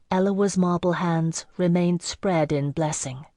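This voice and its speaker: A woman narrating a fantasy novel in the first person, in a measured, even storytelling manner. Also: fairly low pitch, no room sound, studio quality. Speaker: audiobook narrator.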